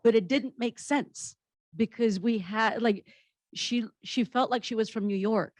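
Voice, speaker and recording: A woman's voice: fairly high pitch, a little slow, a little mellow, dry recording, low-quality recording. A woman comedian and actress on a panel, telling stories in a blunt, humorous, candid way and swearing casually. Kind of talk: candid conversational storytelling.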